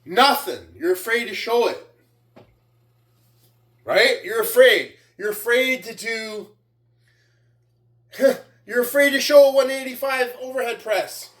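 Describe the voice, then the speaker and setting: A man's voice: very high voice, reverberant. A man in a casual vlog rant, boastful and taunting, who keeps tagging his sentences with "right?" and "man". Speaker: weightlifting vlogger.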